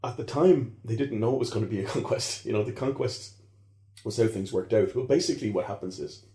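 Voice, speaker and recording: A man talks quickly and low, his dark, mellow voice sounding a little roomy. He explains history in a loose, digressive way, with asides and restarts. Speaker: guest historian. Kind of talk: explanatory podcast talk. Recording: roomy echo.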